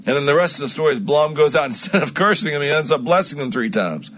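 A man giving an informal Bible teaching on his own stream, telling the story in an emphatic, animated way with frequent restarts and asides. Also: fairly high pitch, fast talker, slight background noise.

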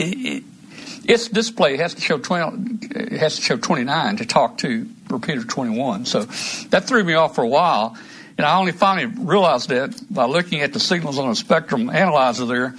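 A man's voice: a little high, a bit bright, breathy edge. A man hosting a casual live stream, rambling through gear talk with many restarts. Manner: rambling, restarts often, trails off. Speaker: host of a radio hobby live stream.

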